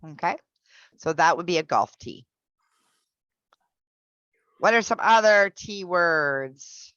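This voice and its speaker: A woman teaching an online pronunciation class in a slightly low voice, taking her time and repeating every example with patience. Her audio is dull and lo-fi, and the recording is dry and close. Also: lively intonation, slow, a bit bright, clean tone, dry recording.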